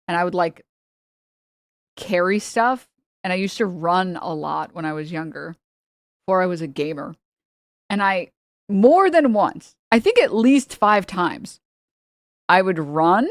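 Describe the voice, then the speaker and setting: A woman's voice: lowish voice, no echo, studio quality. A young woman streamer reacting heatedly on a live stream, profane and full of stumbling restarts.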